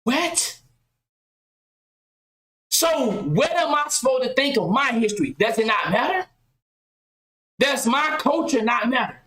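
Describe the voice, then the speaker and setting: A woman hosting a podcast, talking loudly and passionately, firing off rhetorical questions in casual commentary. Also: fairly high pitch, very animated, normal speed, echoey room, poor audio. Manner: loud, impassioned, rhetorical questions. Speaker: podcast host.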